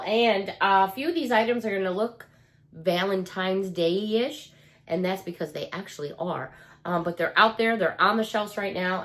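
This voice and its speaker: A middle-aged woman with a Chicago accent talks through a shopping haul in a casual, chatty show-and-tell way, her nose a little stuffy. She coos over cute little items, asks viewers questions, and her voice sits at an ordinary middle pitch. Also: a bit bright. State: stuffy nose, sense of smell still recovering. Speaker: haul vlogger.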